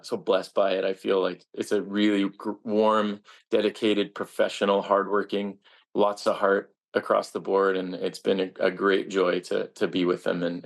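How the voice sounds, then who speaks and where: A man's voice: sits low, vocal fry. A man, a stage actor, answering interview questions in an earnest, reflective way with frequent restarts.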